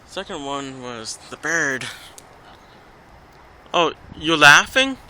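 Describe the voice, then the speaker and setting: A man's voice: on the high side, lively intonation, takes it slowly, pushed and bright, a little hiss or hum. A man filming at an outdoor zoo, chatting playfully and coaxingly with parrots. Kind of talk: casual chat with birds. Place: outdoor zoo by bird enclosure. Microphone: handheld camera.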